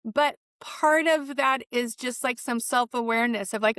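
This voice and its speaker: A woman's voice: on the high side, normal speed, few pauses, fairly bright tone, no echo, studio quality. A woman real estate agent co-hosting a casual podcast, talking in a chatty, rambling, upbeat way.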